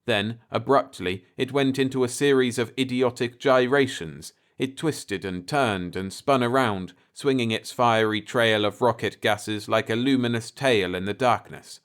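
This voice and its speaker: A calm male storyteller reading a bedtime story aloud. He reads very slowly at an ordinary middle pitch, letting each phrase settle. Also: clear, resonant tone. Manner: calm and unhurried. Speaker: narrator.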